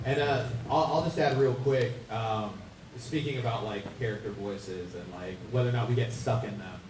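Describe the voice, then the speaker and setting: A man who directs voice actors speaks casually on a panel, pausing on ums. The sound is roomy and taken from a mic set back from him. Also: mid-range voice, background noise. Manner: relaxed, many ums. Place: convention panel room. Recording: echoey room, distant mic.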